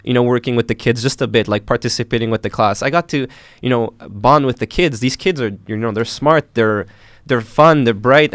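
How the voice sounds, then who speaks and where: Earnest young man with a clear voice. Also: medium pitch, no echo. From Canada. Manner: earnest, animated retelling with acted quotes. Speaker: filmmaker recounting an arrest. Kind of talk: emotional first-person storytelling.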